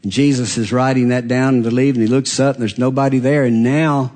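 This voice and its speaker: A man preaching a sermon, swinging dramatically between hushed, quiet passages and loud, raised ones. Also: mid-range voice, steady tone, a little fast.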